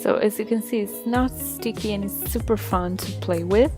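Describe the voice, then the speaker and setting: An Italian woman talks through a homemade slime tutorial in a relaxed, chatty way. Her accent is plain, and she often laughs softly between steps. Quiet background music plays under her voice. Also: mid-range voice, normal speed. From Italy. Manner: chatty, giggly, explains step by step. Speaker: slime-making vlogger. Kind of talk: casual tutorial narration.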